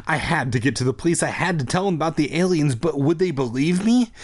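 A man's voice: fairly high pitch, quick pace. A man hosting a comedy podcast, reading a kids' horror book aloud with crude, joking asides. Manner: animated, swings from mock-spooky narration to crude jokes.

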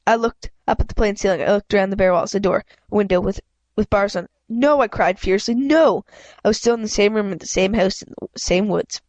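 A woman's voice: medium pitch, fairly even intonation, fast talker, darkish tone, no echo. A woman reading a children's novel aloud in a plain voice, often stumbling and correcting herself. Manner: plain reading with frequent slips and self-corrections. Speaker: reader of a book. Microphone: home microphone, self-adjusted.

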